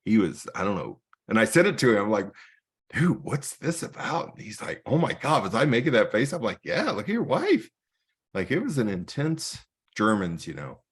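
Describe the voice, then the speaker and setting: Low-voiced man telling photography stories. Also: big pitch swings, moderate pace, husky. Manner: storytelling with acted-out dialogue. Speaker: guest speaker, photographer. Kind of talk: casual presentation.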